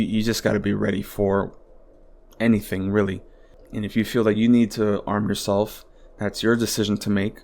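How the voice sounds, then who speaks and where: A man's voice: on the low side, a little mellow. A man hosting a podcast, talking alone in a rambling, exasperated way with lots of swearing and filler words, from his home. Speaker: podcast host. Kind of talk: casual solo podcast monologue.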